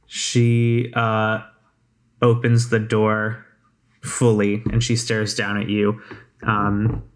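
Casting male game master, flat even narration, casual filler-heavy. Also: fairly low pitch, drawn-out words. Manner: relaxed narration with many fillers.

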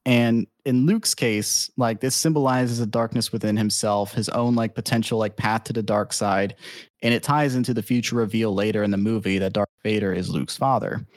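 A man in casual podcast chat, retelling a cartoon plot in a rambling, profane, animated way. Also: fairly low pitch, moderate pace, no echo, studio quality. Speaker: podcast guest.

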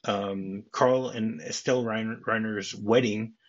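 A man's voice: fairly low pitch, steady tone, measured pace, dull audio. A man co-hosting a podcast, chatting casually and explaining film scenes and trivia at length. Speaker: podcast co-host.

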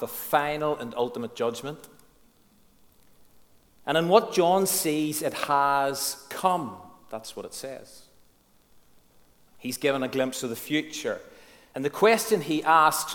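Earnest preacher in an echoey church. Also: male voice, mid-range voice, fairly bright tone. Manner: earnest, frank, asks the congregation questions and pauses on key words. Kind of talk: sermon. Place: church hall.

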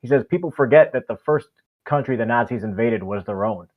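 A man talks through a casual podcast discussion, enthusiastic and rambling, full of fillers. His voice comes over a thin, phone-like line. The pitch sits at a middling level. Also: brisk. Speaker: podcast co-host.

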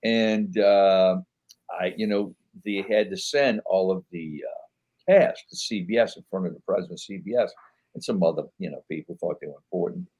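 A man's voice: low voice, moderate pace, darkish tone, husky, lo-fi sound. A man, a podcast guest rambling through anecdotes with lots of fillers and voicing the people he quotes. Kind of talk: casual interview storytelling.

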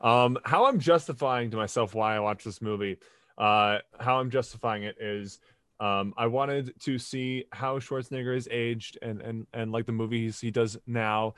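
A man's voice: mid-range voice, normal speed, fairly bright tone, clear, resonant tone, dry recording, studio quality. A man co-hosting a podcast in casual chat, with a wry, self-mocking manner. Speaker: podcast co-host.

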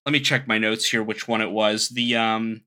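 A man's voice: fairly low pitch, steady tone, moderate pace, sharp tone. A man co-hosting an anime podcast, chatting casually and joking between checks of his notes. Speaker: podcast co-host. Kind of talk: casual chat.

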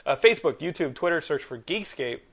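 A man in his thirties hosting a podcast, telling stories in casual chat with lots of swearing and animated outbursts. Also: fairly high pitch, a little fast. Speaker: podcast host.

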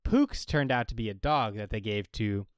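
An animated man retelling a TV episode in a casual chat, acting out the characters' lines. His voice is smooth and resonant, and the recording is dry and close. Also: on the low side, moderate pace, dry recording. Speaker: podcast co-host.

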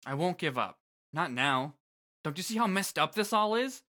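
A man's voice: a little high, animated, normal speed, pushed and bright. Man reading as an earnest young reaper woman. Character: earnest young female reaper, frustrated idealist.

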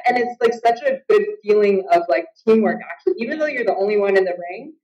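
A woman's voice: mid-range voice, lively intonation, quick pace, few pauses, darkish tone. A woman talking as a guest in a casual interview over a video call, filling her talk with "like". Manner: chatty, heavy use of filler "like". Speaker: guest, Muay Thai fighter. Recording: roomy, distant, dull call audio.

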